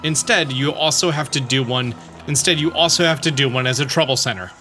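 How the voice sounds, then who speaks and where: A man's voice: medium pitch, fairly quick, sharp tone. A man hosting a game walkthrough, chatting casually as he plays and reading the characters' lines aloud in his own voice. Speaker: let's play host. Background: faint game music.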